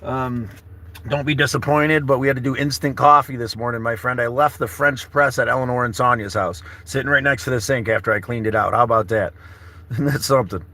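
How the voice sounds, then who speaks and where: A man's voice: medium pitch, a little fast, bright, forceful tone. Laid-back man rambling from his camper. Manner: rambling, laid-back, calls viewers brother and buddy. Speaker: travel vlogger. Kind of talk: casual morning livestream chat. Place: inside a camper car.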